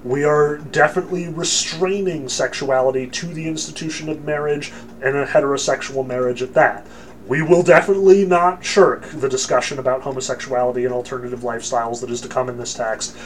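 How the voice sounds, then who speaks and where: A man's voice: medium pitch, fairly even intonation, fairly quick. A man lecturing on scripture in a casual, emphatic, joking way with frequent fillers. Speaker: religion lecturer.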